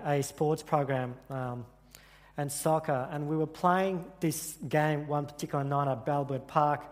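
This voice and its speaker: A man giving an earnest sermon at church, telling a personal story and often restarting his sentences. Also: on the high side. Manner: earnest, halting with repeated restarts. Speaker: church speaker. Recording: echoey hall with long reverb.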